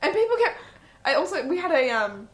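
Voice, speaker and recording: A chatty woman with a slightly high voice co-hosts a late-night radio show. She tells stories in a loose, casual way, laughs a lot and breaks into little acted-out quotes. Her voice is close on a studio microphone. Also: big pitch swings, a little fast. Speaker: radio co-host.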